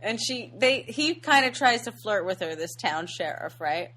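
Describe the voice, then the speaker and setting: A woman's voice: mid-range voice, animated, moderate pace, pushed and bright, slight background noise. A woman co-hosting a podcast, casually recapping a movie plot and laughing often. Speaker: podcast co-host. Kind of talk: casual movie-review chat.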